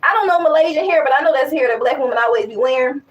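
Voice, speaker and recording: A young woman with a high, bright-pitched voice chats candidly to her viewers, rambling through restarts and lively asides. Her voice sits a little back from the mic. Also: very fast, recorded from a distance, dull audio. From West Africa. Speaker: vlogger. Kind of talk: casual chat to camera.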